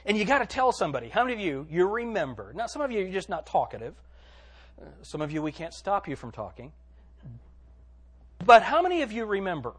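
A man preaching a sermon in a church, swinging between hushed, drawn-out phrases and loud emphatic lines. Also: on the high side. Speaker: pastor.

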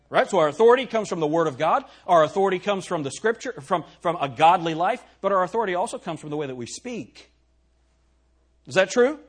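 Husky-voiced, lively male preacher. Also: high-pitched. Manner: emphatic, asks the congregation questions; reads scripture in old-fashioned wording. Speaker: pastor. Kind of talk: sermon.

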